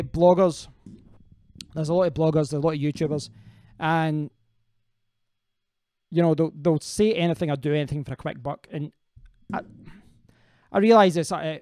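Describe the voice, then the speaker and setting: A man's voice: fairly high pitch, darkish tone, no room sound, studio quality. A man hosting a casual live stream, rambling as he answers viewers' comments and often restarting his sentences.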